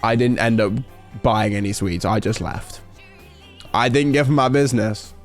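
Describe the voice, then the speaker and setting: A man's voice: fairly low pitch, normal speed, soft background music. A young man from the UK telling a story in casual stream chat, rambling and interrupting himself, laughing often.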